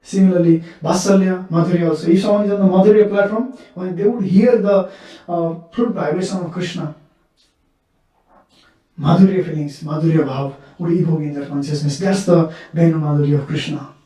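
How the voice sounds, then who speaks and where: A man telling devotional stories in an earnest, repetitive sermon style. His voice is high but soft and mellow. He sounds distant, with heavy echo from a temple hall. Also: steady tone, a little fast. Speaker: preacher. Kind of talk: sermon storytelling. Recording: echoey temple hall, mic far off.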